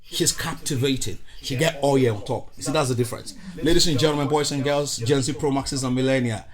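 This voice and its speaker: A man's voice: medium pitch, brisk, a crowd in the background. A Nigerian man hosting a podcast with a showy, exuberant intro, mixing in Pidgin. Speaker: podcast host. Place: recorded studio in Ottawa.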